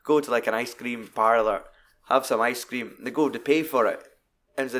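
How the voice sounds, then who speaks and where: A Scottish man hosting a podcast, chatting casually about a film with lots of swearing and animated retelling. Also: mid-range voice, moderate pace. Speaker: podcast host. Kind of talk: casual film review chat.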